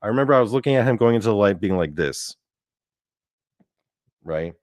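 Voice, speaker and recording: This podcast host has a lowish, slightly mellow voice with lively intonation and a brisk pace. He rambles through a personal story, swearing often, using plenty of fillers and restarting sentences, captured in clean studio sound with no echo.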